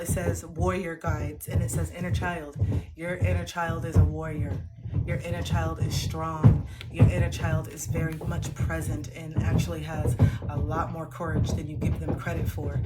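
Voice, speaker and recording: Woman card reader over loud music. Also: low voice. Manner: chanting and sing-song repetition; earnest, motivational. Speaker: tarot card reader streamer. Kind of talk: livestream card reading.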